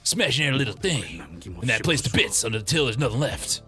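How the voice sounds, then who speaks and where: A man voicing a brooding, hot-tempered young man using rough British slang. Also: mid-range voice, very animated, fairly quick, bright, forceful tone, soft background music. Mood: bitter. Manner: brooding, aggressive.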